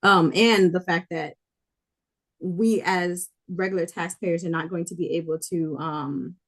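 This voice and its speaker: A woman's voice: on the low side, steady tone, measured pace. A woman co-hosting a podcast in casual chat, talking loosely with many fillers. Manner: chatty, many fillers, retells scenes with quoted voices. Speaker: podcast co-host.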